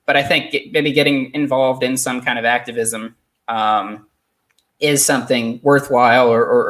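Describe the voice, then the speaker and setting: A man hosting a podcast in casual chat, talking haltingly with many repeated words and restarts. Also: medium pitch, a bit bright. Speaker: podcast host.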